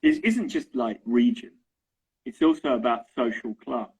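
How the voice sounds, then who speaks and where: Husky Estuary English man, chatty. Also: medium pitch, measured pace, darkish tone, poor audio. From London. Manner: chatty, keeps checking in with "right?" and "okay?". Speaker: English teacher, interview guest. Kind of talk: casual explanatory chat.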